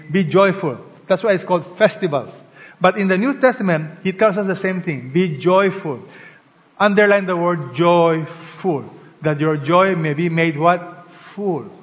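A man preaching a sermon as pastor, leading a prayer and prompting the congregation to answer and read along. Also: on the high side. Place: large church hall. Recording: long hall reverb, slightly dull sound.

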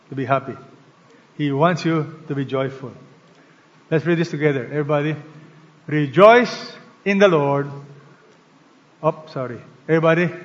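A man preaching a sermon as pastor, leading a prayer and prompting the congregation to answer and read along. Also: on the high side. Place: large church hall. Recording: long hall reverb, slightly dull sound.

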